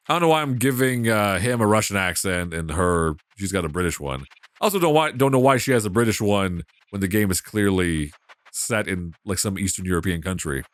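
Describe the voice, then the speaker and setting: Excitable swearing young gamer. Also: male voice, deep voice, a little fast, dry recording. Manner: excitable, swearing, loud outbursts. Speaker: gaming commentator. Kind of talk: casual let's play commentary.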